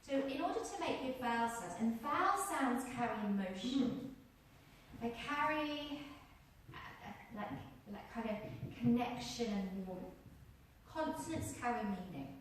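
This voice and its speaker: A woman leading a yoga teacher training workshop, calmly explaining and demonstrating sounds. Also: a little high, measured pace. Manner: demonstrates sounds, calm and instructive. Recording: very echoey room, voice far from mic, faint noise.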